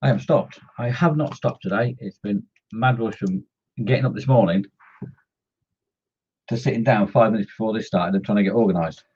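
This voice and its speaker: A man's voice: fairly low pitch, brisk, a little mellow, husky, highs cut off. A man chatting casually on a scale-modelling live stream, greeting viewers by name and joking as he works.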